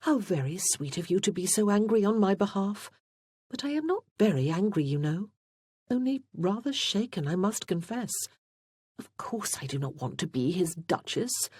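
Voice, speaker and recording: A man voicing a warm, candid young widow in an audiobook, talking earnestly and a little breathlessly. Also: high voice, expressive, normal speed, breathy edge, dry recording, clean studio sound, pitched above the performer's own voice. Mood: reassuring. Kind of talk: audiobook character voice.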